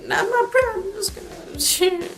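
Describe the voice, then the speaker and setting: Careless bystander, brushing things off, loud and swoopy, mocked by a teen woman. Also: extremely high pitch, lively intonation, measured pace, roomy sound, voice pushed up. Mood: dismissive. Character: dismissive selfish bystander, adult.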